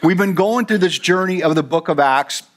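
A man's voice: sits high, normal speed. A man preaching a sermon as pastor, talking conversationally with rambling fillers and asides. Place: church.

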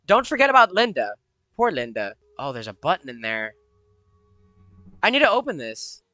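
A man's voice: fairly high pitch, wildly swooping pitch, moderate pace, pushed and bright, no room sound. A young man commenting on his own horror game play, jumpy and profane, with nervous laughter and sudden yelps. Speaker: gamer.

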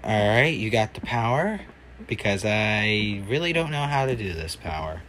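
A man's voice: lowish voice, animated, moderate pace, a bit bright, a little hiss or hum. A man giving casual gaming commentary, reacting with dry sarcastic remarks. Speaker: gamer.

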